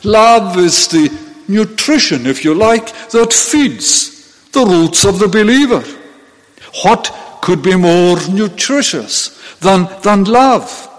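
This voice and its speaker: A man preaching a sermon in church, measured and deliberate, with occasional restarts. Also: high voice, lively intonation. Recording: long reverb of a large hall.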